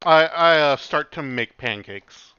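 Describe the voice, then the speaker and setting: A man's voice: on the high side, animated, measured pace, sharp tone, clear, resonant tone, dry recording. A man playing a tabletop game, eagerly and playfully declaring his character's actions. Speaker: player. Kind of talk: casual tabletop play. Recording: slightly dull, lo-fi sound.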